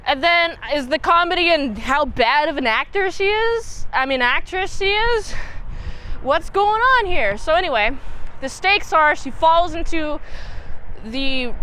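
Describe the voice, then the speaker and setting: A woman recapping a movie in a casual chat, animated and playfully mocking, bursting into squealing impressions. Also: high-pitched. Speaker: movie reviewer.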